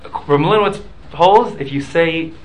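A man's voice: fairly high pitch, moderate pace, a little hiss or hum, rough recording. Man teaching a casual study class. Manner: explanatory, sprinkles Hebrew and Aramaic study terms; conversational, checks in with listeners.

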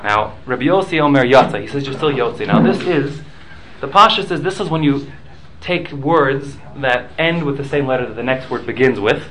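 A man's voice: mid-range voice, animated, moderate pace, hardly any pauses, fairly bright tone, poor audio. Man teaching a casual study class. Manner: explanatory, sprinkles Hebrew and Aramaic study terms; conversational, checks in with listeners.

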